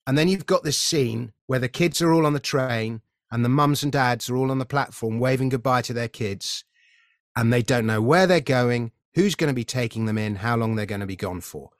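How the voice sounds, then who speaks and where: A man's voice: medium pitch, dry recording, studio quality. Middle-aged Englishman telling a story. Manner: earnest, vivid storyteller with frequent self-corrections. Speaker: podcast guest, creator of a stage show. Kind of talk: conversational storytelling interview.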